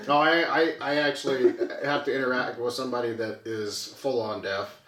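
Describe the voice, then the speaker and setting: A man's voice: mid-range voice, steady tone, moderate pace, bright, forceful tone, reverberant. A man co-hosting a casual podcast chat over a beer, laughing often and stumbling over his words. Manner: laughs often, stammering restarts. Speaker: podcast co-host.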